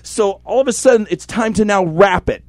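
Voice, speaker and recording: High-voiced man telling a wild story. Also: normal speed, no room sound. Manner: animated, profane, acts out voices in quotes. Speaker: podcast host telling a story. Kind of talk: casual storytelling chat.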